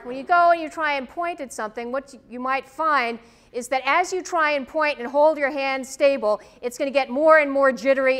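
A woman lecturer giving a university talk, telling stories and checking in with a frequent "okay?". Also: sits high. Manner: lively anecdotal storytelling with frequent "okay?". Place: lecture hall. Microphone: tethered microphone.

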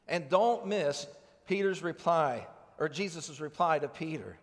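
Man, pastor, high voice, earnest conversational sermon, long church reverb. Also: lively intonation, measured pace. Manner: earnest, conversational preaching with rhetorical questions. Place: church sanctuary.

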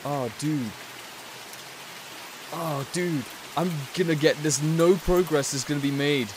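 A man's voice: fairly high pitch, slow pace, noisy background. A man doing horror game commentary, stressed and jumpy, swearing and yelping when startled, his voice breaking. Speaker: gaming streamer.

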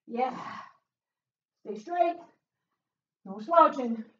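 A high-pitched woman leads a workout while doing it herself, out of breath and cheering her viewers on. She is recorded from a distance in a small closed room, so her voice sounds roomy and a little dull. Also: animated, very slow. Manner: upbeat, cheering with loud whoops, breathless between exercises. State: out of breath from exercising. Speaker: fitness instructor. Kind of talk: live workout coaching.

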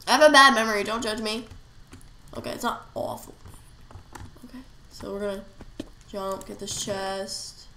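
A woman with a stuffy, cold-clogged nose chats to herself while casually commentating on her gameplay. Her mid-range voice has a sharp edge, moving at a normal speed with frequent pauses. The recording has a roomy echo and faint background noise.

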